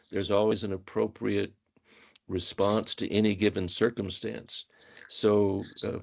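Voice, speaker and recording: A man's voice: fairly low pitch, gravelly. A man hosting a panel discussion, thoughtful and affirming as he poses questions. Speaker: host.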